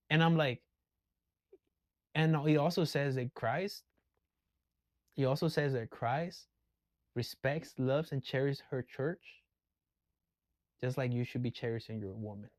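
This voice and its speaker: A man's voice: medium pitch, measured pace, long pauses, a little mellow, dry recording. A man ranting casually in a vlog, blunt and full of profanity. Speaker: vlogger. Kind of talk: casual rant.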